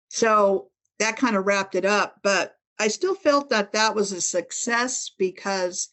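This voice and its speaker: A middle-aged woman speaking as a podcast guest, retelling what happened to her in a loose, conversational way. She slips into the voices of the people in her story and often restarts her sentences. Her pitch sits in an ordinary middle range. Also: slow pace, few pauses. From Northern California. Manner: animated storytelling, quoting others in dialogue, frequent restarts. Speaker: author and UFO investigator, podcast guest. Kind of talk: casual interview storytelling.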